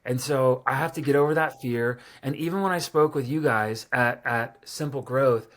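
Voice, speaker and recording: A man's voice: mid-range voice, moderate pace, a bit bright. A man in his thirties, a podcast guest, telling personal stories casually with lots of fillers and a self-deprecating tone. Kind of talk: casual storytelling interview.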